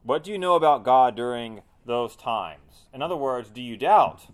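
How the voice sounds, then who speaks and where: Male pastor, sermon delivery, mid-pitched, dynamic between emphatic peaks and quiet asides. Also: lively intonation, normal speed. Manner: preaching with swelling emphasis and quiet drops.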